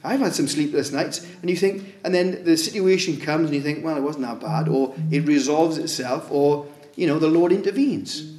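A man preaching in a roomy church hall with clear reverb around his slightly high voice. He talks through the sermon casually, tossing rhetorical questions at the congregation. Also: normal speed, a little mellow. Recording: echoey room.

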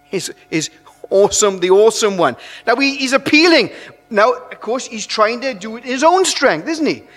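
A male preacher delivers a sermon in a high voice, animated and conversational. His phrases often restart, and the sound rings with a long hall reverb. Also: moderate pace.

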